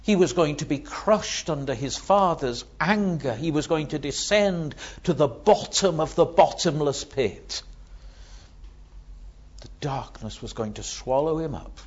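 A man preaching a sermon, dramatic, swinging from hushed words to loud ones. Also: fairly high pitch, lively intonation, measured pace, dull audio.

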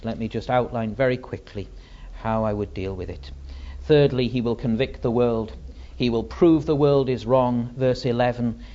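Brief: male preacher, slow deliberate sermon delivery, emphatic repetition, dull lo-fi recording. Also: medium pitch, a little mellow. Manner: emphatic, builds through repeated phrases.

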